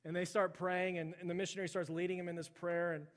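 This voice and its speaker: A man preaching in a church sanctuary, his slightly high voice trailing off in a long, ringing reverb. He tells a story in a relaxed, conversational way and briefly takes on the voices of the people he describes. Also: fast talker. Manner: conversational, relives stories by voicing the people in them. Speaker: pastor. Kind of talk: sermon storytelling.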